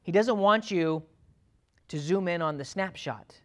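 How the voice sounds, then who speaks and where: A male pastor preaching a sermon to his church, swinging from loud urgent pleading to quiet, low, earnest asides. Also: measured pace.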